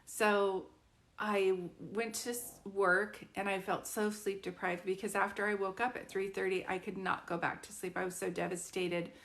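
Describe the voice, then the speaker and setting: A woman in her fifties speaks at a middle pitch, chatty and earnest as she tells a personal story. She often stops and restarts her sentences and leans on casual fillers. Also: flat delivery, normal speed, a bit bright. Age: 50s. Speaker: psychic medium.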